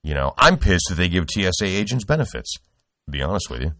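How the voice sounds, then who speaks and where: A man's voice: low voice, very animated, quick pace, pushed and bright, no room sound, clean studio sound. A middle-aged man hosting a podcast, telling a rambling, profane story with lots of restarts. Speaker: podcast host. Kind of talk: casual podcast chat.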